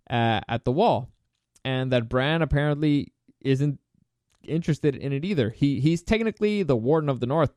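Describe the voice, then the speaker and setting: A man hosting a podcast, rambling through a long retelling and acting out characters in quick voices, often correcting himself. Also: mid-range voice, a little mellow, dry recording, clean studio sound. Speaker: podcast host. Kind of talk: casual storytelling monologue.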